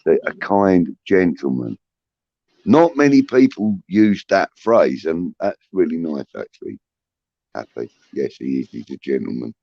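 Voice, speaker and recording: Very deep gravelly man. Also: lively intonation, moderate pace, dark tone, no echo, dull audio. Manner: rambling, many restarts and swearing. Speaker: livestream host reading chat comments. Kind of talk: casual livestream chat. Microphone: phone.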